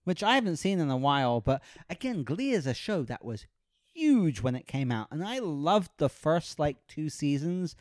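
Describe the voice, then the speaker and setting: A young man hosting a podcast in casual chat, playful and quick to laugh. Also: fairly high pitch, big pitch swings, no echo, clean studio sound. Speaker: podcast host.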